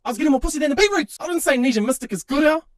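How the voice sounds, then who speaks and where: A man races through crude comedy narration in a high, quick voice. His delivery is flat and deadpan, and the dry recording has no room sound. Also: dry recording, soft background music. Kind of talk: crude parody sketch narration.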